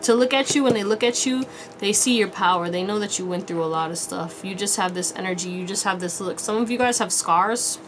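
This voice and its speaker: A woman's voice: medium pitch, noisy background. A woman giving a casual pick-a-card tarot reading to viewers, chatty and slangy with frequent laughs. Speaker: tarot reader.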